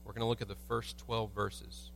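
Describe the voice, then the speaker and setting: A man's voice: on the low side, level tone, moderate pace, vocal fry, fairly bright tone, slight background noise. Conversational male pastor preaching. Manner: conversational, humorous storytelling with rhetorical questions. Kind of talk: sermon. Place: church sanctuary.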